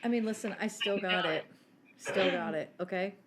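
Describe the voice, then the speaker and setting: A woman's voice: mid-range voice, normal speed, noisy background. A woman in her forties telling stories in casual chat as a podcast co-host, brash, laughing and swearing freely.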